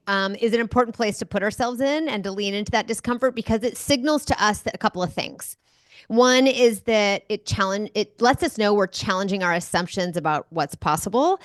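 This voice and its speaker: A woman guest on an interview show, answering questions as an enthusiastic, animated storyteller. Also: medium pitch, dry recording, studio quality. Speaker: guest speaker. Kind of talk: conversational interview.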